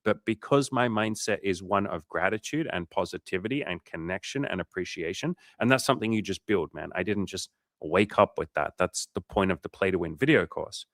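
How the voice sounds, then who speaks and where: A man's voice: deep voice, a little fast, hardly any pauses, fairly bright tone, dry recording, clean studio sound. A man coaching on a livestream in a casual, profane and fired-up way, talking emphatically. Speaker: dating coach.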